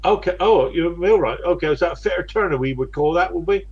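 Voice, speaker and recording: Talking fast in a high-pitched, slightly mellow voice, an English host in his late sixties with a West Country accent leads a casual chat. He is blunt and chatty and chuckles frequently, and the recording has its highs cut off.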